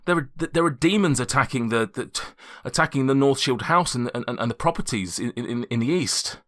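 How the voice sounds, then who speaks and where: A man voicing a panicked young male servant who has run into town, breathless and hurried. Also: medium pitch, expressive, fairly bright tone, pitched above the performer's own voice, lightly acted.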